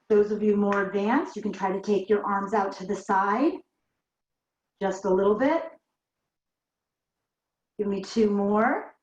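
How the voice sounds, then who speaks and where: A woman's voice: mid-range voice, a little mellow. Lady leading a barre class on the floor, a bit winded, echoey room, kinda muffled. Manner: encouraging, counts reps while demonstrating. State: a little out of breath. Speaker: barre fitness instructor. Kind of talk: guided workout instruction. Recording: roomy, dull lo-fi sound.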